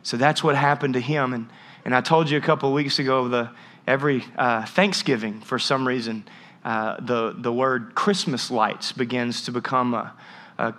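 A man's voice: mid-range voice, steady tone, moderate pace, a bit bright. A man in his thirties preaching a humorous sermon, telling a story with jokey asides and frequent restarts. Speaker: pastor.

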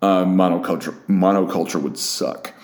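A man's voice: sits low, steady tone, normal speed. A young man hosting a casual solo podcast, rambling and self-deprecating with plenty of swearing. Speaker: podcast host. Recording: roomy echo.

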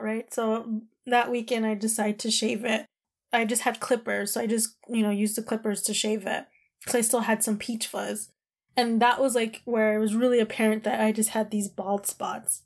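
Candid woman telling her own story. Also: fairly high pitch. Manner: candid, emotional, rambling with many "like"s. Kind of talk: personal storytelling to camera.

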